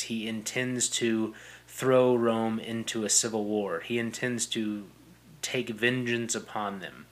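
Retelling a classic play for his podcast, a young adult man paraphrases quotes casually, with plenty of fillers and restarts. His voice is fairly low yet fairly bright in tone.

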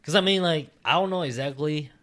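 A man's voice: on the high side, a little fast, fairly bright tone. A man chatting casually on a podcast, laughing often and swearing freely, and reading out a spooky listener story. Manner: laughs often, swears, says "dude" a lot.

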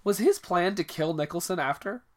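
A man's voice: sits high, animated, normal speed. A man co-hosting a podcast, chiming in with questions and casual swearing while discussing a film. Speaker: podcast co-host.

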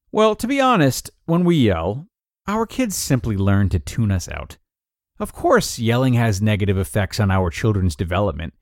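A man hosts and narrates a podcast, reading a parenting article with a lively, swinging delivery. His voice sits close to the mic in a dry, dead space. He acts out the quoted bits along the way. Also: mid-range voice, dry recording. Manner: lively, expressive reading, acting out quoted lines.

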